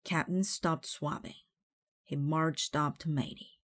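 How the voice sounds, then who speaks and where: A woman reading a children's picture book aloud, slowly and carefully. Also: sits low, steady tone, fairly bright tone, dry recording. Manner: slow, careful read-aloud. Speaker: storybook reader.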